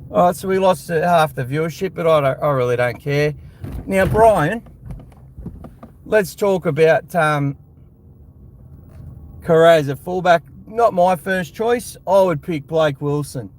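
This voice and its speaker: Blunt, swearing Australian man, slightly high voice. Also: measured pace, pauses often, a little mellow, a little hiss or hum. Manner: blunt, heated and profane. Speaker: fan show host. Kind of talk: live fan-show rant.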